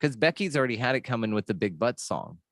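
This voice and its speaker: A man's voice: medium pitch, sing-song, fast, no room sound, clean studio sound. An American man hosting a casual spiritual conversation, talking in an earnest, rambling way with the odd swear word. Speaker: podcast host.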